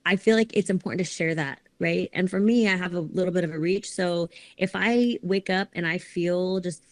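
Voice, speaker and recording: A woman's voice: lowish voice, moderate pace, no room sound. Earnest woman, dry close sound. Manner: earnest, with frequent "right?" and "like". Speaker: podcast guest, figure competitor and coach. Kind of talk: casual chat.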